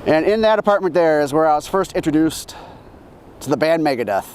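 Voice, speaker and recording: A man with a slightly high voice rambles through old neighborhood stories, cursing freely and correcting himself mid-sentence. Faint outdoor noise hums behind him as he walks and later drives. The tone is an offhand, casual vlog. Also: lively intonation, a little fast, darkish tone. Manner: rambling, profane, self-correcting. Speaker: vlogger. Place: outdoors, then in his car.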